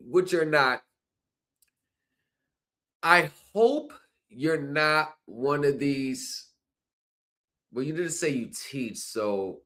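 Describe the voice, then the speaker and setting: A man's voice: fairly high pitch, sharp tone. A man hosting a livestream, lecturing his viewers with repeated rhetorical phrases. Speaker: streaming commentary host. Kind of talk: livestream commentary.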